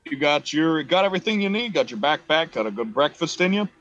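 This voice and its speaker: A man's voice: on the high side, big pitch swings, a little fast, a bit bright, no room sound, dull audio, soft background music. A man playing a friendly middle-aged park ranger in a tabletop game. He is easygoing and chatty, in a plain, close and dry voice. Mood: cheerful.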